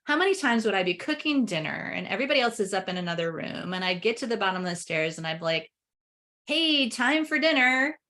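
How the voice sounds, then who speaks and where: A middle-aged woman speaking as a parenting coach in a casual webinar discussion, lively and quick to act out other people's words. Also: fairly low pitch. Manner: lively, acts out family members' voices in quotes. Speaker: parenting coach and expert guest.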